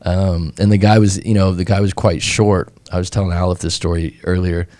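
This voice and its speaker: A man from California, a breakup coach hosting a show, chatting casually and telling stories in an animated way. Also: sits low, normal speed, no room sound. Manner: animated, conversational, acts out anecdotes. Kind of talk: casual chat, storytelling.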